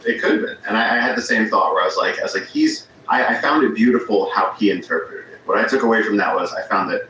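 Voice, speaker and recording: A man's voice: lowish voice, fast, bright, forceful tone. A man, a podcast guest, telling rambling stories in casual conversation, often restarting his sentences. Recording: very echoey room with faint ambience noise.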